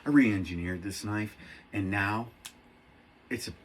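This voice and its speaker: A middle-aged man talking casually to camera as a knife reviewer, rambling and excitable, poking fun at himself. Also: lowish voice, measured pace, slight background noise. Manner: rambling, excitable, self-mocking.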